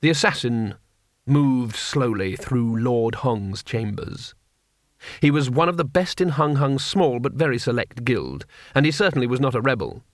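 A man giving a scripted audiobook narration with expressive storytelling. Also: medium pitch, moderate pace, dry recording, clean studio sound.

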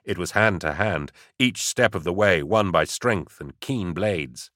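A man narrating an audiobook in a steady, dramatic way. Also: sits low, measured pace, no echo, studio quality.

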